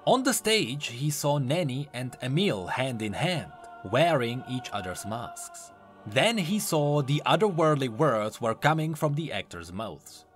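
A man narrating a dark story in a scripted, dramatic storytelling style. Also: medium pitch, very animated, measured pace, soft background music. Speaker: lore narrator.

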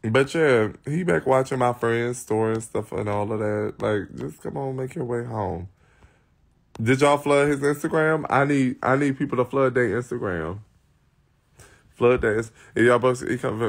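A man's voice: mid-range voice, normal speed, vocal fry. Blunt, profane man chatting on a live stream. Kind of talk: casual live-stream chat to viewers.

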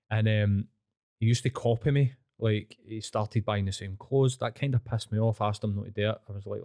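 A Scottish man in his thirties with a Glaswegian accent speaks in a lowish, steady, warm voice at a fairly quick pace, with no echo. As a podcast guest, he tells blunt, sweary stories candidly, rambling and restarting his sentences.

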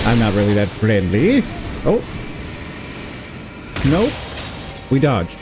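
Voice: medium pitch, wildly swooping pitch, slow pace, long pauses. A video game streamer giving playful let's play commentary, giggling, humming and chatting with enemies. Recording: game music playing behind.

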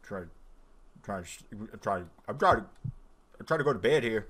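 A young man giving casual let's-play commentary, excitable, yelping and shouting at the game. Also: husky. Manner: reads instructions aloud fast in a high, mocking voice. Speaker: gaming YouTuber.

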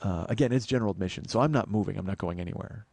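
A man in his forties hosting a comedy podcast, telling a story in an exasperated, profane, animated way. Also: low voice, racing, creaky, no room sound. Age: 40s. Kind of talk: storytelling monologue.

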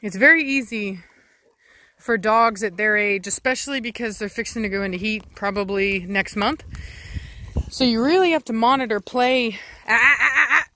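Woman, dog breeder, bright tense voice, brisk firm commands to her dogs between casual asides. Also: fairly high pitch. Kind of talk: casual vlog narration.

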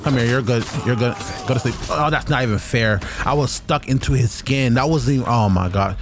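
A young man commenting on his own gameplay, chatty and excitable, trash-talking enemies as he fights. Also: mid-range voice, fairly quick. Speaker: gaming streamer. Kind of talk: let's-play commentary.

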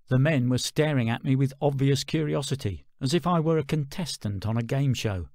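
A man's voice: medium pitch, fairly quick, hardly any pauses, darkish tone, dry recording, studio quality. A man narrating his own memoir as an audiobook in a wry, self-deprecating way. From England.

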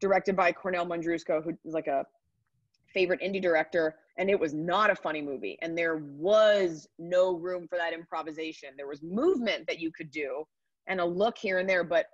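A woman in her thirties, a comedian, chatting upbeat and quick in an interview over a video call. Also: on the low side, no echo. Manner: chatty, upbeat, rapid asides. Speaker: comedian guest. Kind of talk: casual interview answers. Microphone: computer mic on a video call. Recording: dry, dull video call audio.

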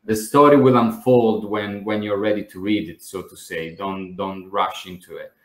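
A man's voice: fairly low pitch, fairly even intonation, normal speed, echoey room. A man being interviewed as a podcast guest, speaking thoughtfully and hesitantly with frequent fillers and restarts. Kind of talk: reflective conversational interview.

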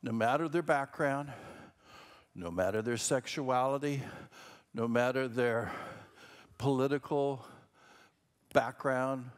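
A man's voice: medium pitch, takes it slowly, long pauses. A middle-aged man from Minnesota preaching a sermon as senior pastor, conversational and rambling, with self-deprecating asides.

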